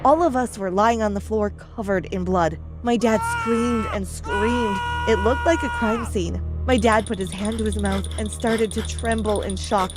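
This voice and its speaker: A woman narrating an animated story in a lively, chatty first-person style. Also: mid-range voice, normal speed, hardly any pauses. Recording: background music under the voice.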